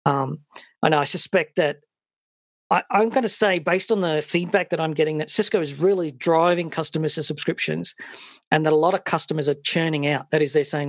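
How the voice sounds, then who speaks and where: A man's voice: fairly high pitch, steady tone, fairly quick, no room sound, clean studio sound. A man hosting a tech podcast, talking in an opinionated, conversational way with a wry edge. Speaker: podcast host. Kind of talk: casual tech podcast chat.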